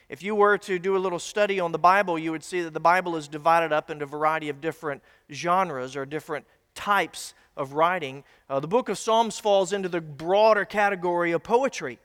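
A pastor with a high-pitched, slightly bright voice delivers a teaching sermon to his congregation in a church sanctuary. His style is conversational and folksy, full of little asides, and the audio has long hall reverb.

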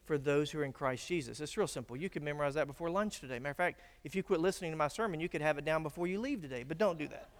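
A man preaching a sermon, swinging from emphatic declarations to hushed, grave warnings. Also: a little high, racing, hardly any pauses. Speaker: pastor. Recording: long reverb of a church hall.

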